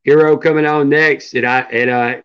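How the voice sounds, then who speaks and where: A man's voice: medium pitch, fairly even intonation, moderate pace, smooth. A man hosting a podcast, chatting loosely and hyping his guests. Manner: hyped, loose, lots of "man" and "dude". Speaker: podcast host. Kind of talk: casual interview chat. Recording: dull lo-fi audio.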